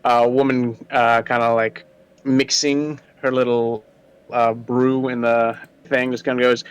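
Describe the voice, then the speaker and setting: A man narrating as game master of a tabletop game, halting with many fillers. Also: mid-range voice, little pitch movement, clear, resonant tone, low-quality recording.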